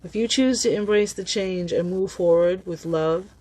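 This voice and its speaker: A woman giving a casual, upbeat tarot reading, chatty and quick to laugh. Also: medium pitch, warm tone, low-quality recording. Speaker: tarot reader.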